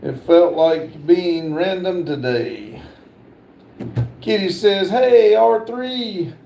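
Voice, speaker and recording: A middle-aged man hosts a casual livestream and reads chat comments aloud, his voice pitched high for a man. He talks slowly and haltingly, with plenty of fillers. His voice sounds mellow, and the room is noticeably echoey. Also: expressive, vocal fry, slight background noise. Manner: slow, halting, lots of "uh" fillers. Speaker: livestream host.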